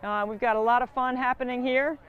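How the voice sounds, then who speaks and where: A woman's voice: fairly high pitch, steady tone, a little fast, clean tone. Upbeat, chatty Southern-accented woman host, lo-fi muffled sound. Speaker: live stream host. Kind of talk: live charity stream hosting.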